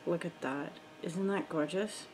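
A woman's voice: lowish voice, unhurried, background noise. A woman beauty vlogger chatting casually while unboxing, thinking aloud with lots of ums.

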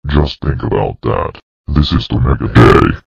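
A male text-to-speech voice playing a furious purple dinosaur scolding the user, with a flat robotic delivery. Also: unhurried, no echo, dull audio, exaggerated voice. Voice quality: very deep, gravelly synthetic voice.

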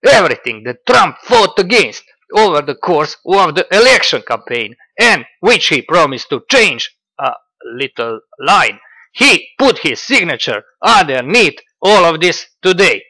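A man reading out quotes as a pompous male ideologue, declaiming slowly and loudly. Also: a little high, big pitch swings, dry recording, pitched above the performer's own voice, full character voice. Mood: grandiose. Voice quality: declamatory, slow and loud.

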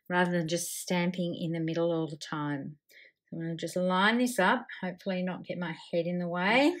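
Australian woman hosting a craft tutorial: relaxed, chatty, talks through each step as she works. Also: on the low side. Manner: relaxed, chatty, thinking aloud while working. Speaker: scrapbooking video host.

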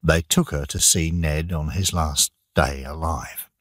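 Deep husky guy narrating a learners' audiobook, slow and lively, dry sound. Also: no echo. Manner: slow, plain, deliberate reading for learners. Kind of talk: graded-reader audiobook narration.

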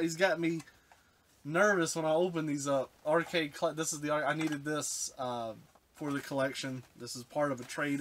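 With a fairly high, fairly bright voice, a man unboxes retro games for his collecting vlog. He's choked up and overwhelmed, trailing off partway through sentences, and the audio carries background hiss with clicks.

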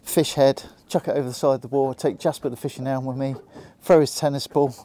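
In a mid-range, dark-toned voice, a man with a Hampshire accent narrates his fishing from a small boat at a fairly quick, steady clip. The angler vlogger keeps things easygoing, chatting to both his catch and his audience.

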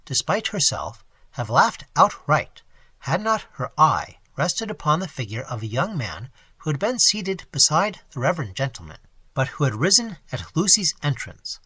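A man narrating a classic novel as an audiobook, telling it in an expressive, animated way. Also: fairly high pitch, husky, no echo. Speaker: audiobook reader.

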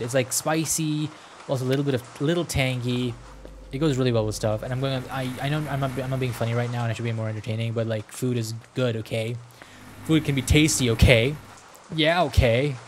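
A man's voice: medium pitch, background noise. A young man rambling goofily while playing a game, inventing silly words and chatting to characters. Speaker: gaming video host. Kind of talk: let's play commentary. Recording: rain and ambience behind. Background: game rain sounds.

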